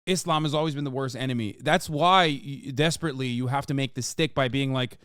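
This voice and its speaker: Smooth-voiced man ranting in reaction commentary. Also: medium pitch, brisk, hardly any pauses, no echo, clean studio sound. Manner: heated, profane, rising loud when outraged. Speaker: streamer host.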